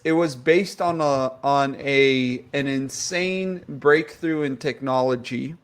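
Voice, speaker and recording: A man's voice: mid-range voice, fairly bright tone. A man co-hosting a casual podcast, joking, swearing and laughing easily. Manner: joking, profane, quick to laugh. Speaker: podcast co-host.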